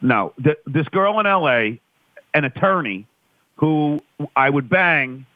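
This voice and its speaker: On the high side and animated, a New York man phones in as a guest, the recording dry but tinny from the phone line. He trades crude banter, telling raunchy tales and quickly denying things.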